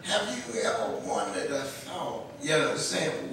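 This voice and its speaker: A man's voice: medium pitch, sing-song, takes it slowly, few pauses, fairly bright tone, slight background noise. A man, a pastor, preaching a sermon and leading the congregation in call-and-response. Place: church sanctuary. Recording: echoey church from a distance.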